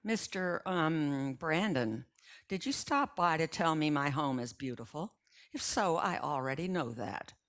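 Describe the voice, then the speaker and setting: A woman's voice: low voice, animated, a little slow, a bit bright. An older woman voicing a cool, wealthy lady who turns icy and clipped when talking business.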